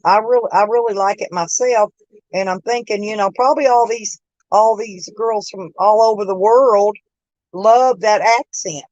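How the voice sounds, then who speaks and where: A woman's voice: medium pitch, moderate pace, a little mellow, no echo, lo-fi sound. A woman, chatting casually with viewers on a live stream, laughing often and calling them by name. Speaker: host of a live chat stream. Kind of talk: casual chat. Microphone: phone.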